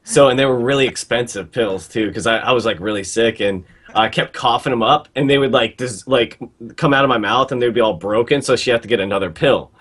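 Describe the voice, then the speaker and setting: A man co-hosting a casual podcast chat, telling a childhood story in a halting, relaxed way. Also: mid-range voice. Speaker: podcast co-host.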